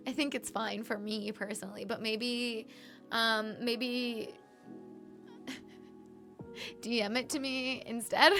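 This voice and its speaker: A woman's voice: fairly high pitch, sharp tone. A young American woman streaming live, chatting casually with her chat, laughing often and singing along. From United States. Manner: bubbly, laughs often, sings along to music. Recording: faint music behind.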